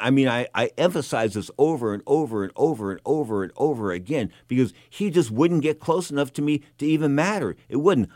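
A man's voice: lowish voice, darkish tone, no echo, studio quality. An older man, a former boxer, talking casually and rambling through stories, repeating himself often. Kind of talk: casual monologue.

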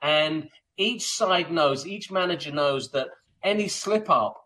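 A man's voice: on the high side, slow, pushed and bright, low-quality recording. A man co-hosting a radio soccer talk show, rambling and emphatic, with lots of fillers and restarts. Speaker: co-host and soccer pundit. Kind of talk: casual radio sports talk.

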